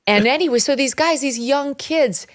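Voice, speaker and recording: A middle-aged woman from upstate New York hosting a talk show, animated and emphatic, laughing as she talks. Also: high voice, normal speed. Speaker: host. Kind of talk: casual conversational commentary.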